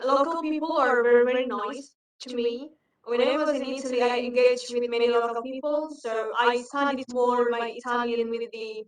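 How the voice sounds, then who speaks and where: A woman's voice: on the high side, fairly bright tone. A woman telling stories as a guest in a casual interview, hesitant with many fillers. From Indonesia. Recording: roomy, distant from mic.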